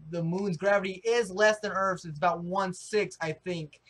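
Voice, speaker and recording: A young man from the United States with a high voice talks in a casual vlog. He rambles and gets excitable, restarting his sentences and piling on fillers. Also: moderate pace. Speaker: vlogger.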